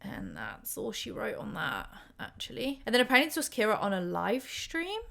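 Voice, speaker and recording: A woman's voice: medium pitch, huge pitch swings, normal speed, gravelly, fairly bright tone. A woman hosting a storytime commentary channel, rambling casually, swearing and saying "like" a lot.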